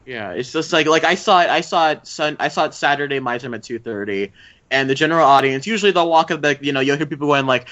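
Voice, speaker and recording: A man's voice: a little high, quick pace, fairly bright tone, no echo. Male podcast host, rambling chatter, dead-dry muffled sound. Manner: rambling, many fillers and restarts. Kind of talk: casual chat. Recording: dull dry mic sound.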